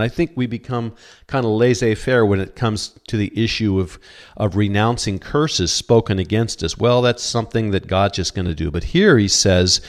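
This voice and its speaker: A middle-aged male pastor delivering a sermon in a fairly low voice. He speaks earnestly and cites scripture verse by verse. He stumbles now and then on doubled words. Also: normal speed. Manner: earnest, stammers on repeated words.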